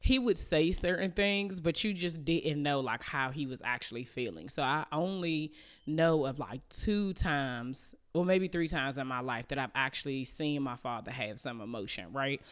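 Deep-voiced and moderately paced, this podcast host is a woman in her thirties sharing a personal story. Her style is casual and chatty, with lots of fillers and little laughs, and she performs her family's lines as she goes.

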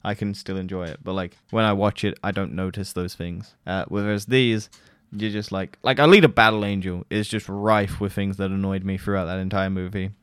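A man's voice: fairly low pitch, clear, resonant tone, no room sound, clean studio sound. A man hosting a solo podcast, giving a rambling, profane film review and mockingly quoting characters. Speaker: podcast host.

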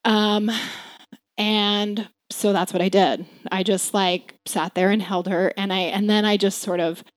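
A woman in her forties telling a personal story as a guest, halting and soft-spoken, with many fillers and restarts. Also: mid-range voice, level tone, no echo, clean studio sound. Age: 40s.

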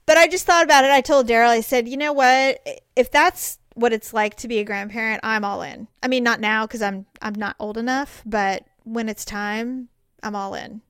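A woman chats casually, telling family stories with lively energy and slipping into the voices of relatives. Her voice sits a little high. The sound is dry and close, with no room around it. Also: normal speed, clean tone, no echo. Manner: animated, acts out voices of family members while telling stories. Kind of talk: casual chat, storytelling.

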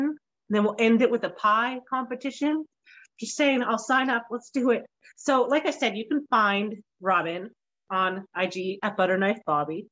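A woman's voice: on the high side, a bit bright, dull audio. A woman hosting a podcast, chatting casually in a playful, joking way and laughing often. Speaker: podcast host.

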